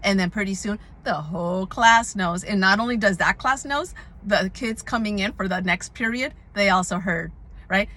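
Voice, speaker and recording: A middle-aged woman who works as a substitute teacher, giving casual classroom advice in an animated way and often checking in with "right?". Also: medium pitch, normal speed.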